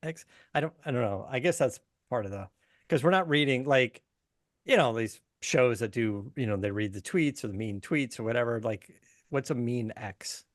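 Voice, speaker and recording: A man's voice: medium pitch, moderate pace, no echo, clean studio sound. A man hosting a car podcast in casual chat, amused and loose, laughing often as he rambles.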